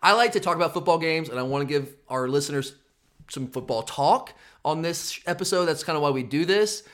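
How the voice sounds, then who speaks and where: A man talks through his losing bets in casual podcast chat, exasperated and self-mocking. His pitch swings widely as he rambles on. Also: animated, brisk, a bit bright. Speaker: podcast co-host. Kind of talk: casual sports betting chat.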